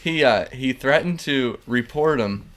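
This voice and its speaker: A man's voice: medium pitch, expressive, a little slow, a bit bright. A young man hosting a casual podcast chat, telling rambling, profane work stories full of likes. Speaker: podcast host.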